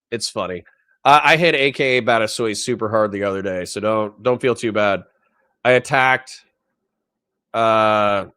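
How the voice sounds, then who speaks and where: A man's voice: lowish voice, pushed and bright, clear, resonant tone. A young man running a live stream, reading chat aloud and arguing back in a profane, combative, mocking way. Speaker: streamer reacting to a political clip.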